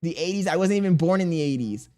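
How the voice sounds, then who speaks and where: A man's voice: on the high side, lively intonation, fast, dark tone. Joking male streamer reading chat. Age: 30s. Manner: joking, laughing, reads chat aloud, crude banter.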